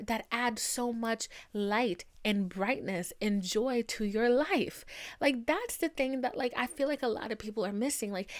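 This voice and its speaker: A young woman hosting a podcast, ranting casually in a blunt, profane way with lots of "like" fillers. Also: a little high. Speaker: podcast host. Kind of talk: casual solo podcast rant.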